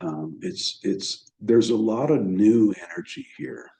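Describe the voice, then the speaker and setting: Slow, deep-voiced reflective man. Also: gravelly, mellow, rough recording. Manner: halting and reflective, many restarts. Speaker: evolutionary astrologer. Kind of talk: unscripted solo talk on astrology.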